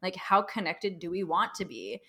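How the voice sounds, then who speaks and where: A woman's voice: on the low side, animated, normal speed, sharp tone. A woman co-hosting a podcast, explaining her points in a casual chat and often checking in with "right?". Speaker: podcast co-host.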